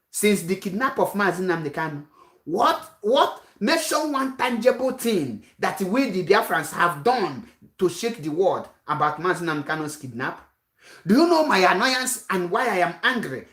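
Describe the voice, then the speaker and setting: A woman's voice: mid-range voice, roomy sound. A woman giving a rousing political speech, full of rhetorical questions and repetition. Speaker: activist speaker.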